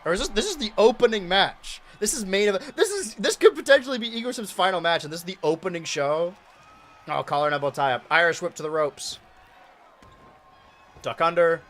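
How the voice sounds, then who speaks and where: Young male streamer, lively bright voice, hypes and shouts over a wrestling game, then mutters low. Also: fairly quick. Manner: animated, shouts and pleads at big moments, mutters while counting. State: out of breath. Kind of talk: excitable play-by-play commentary.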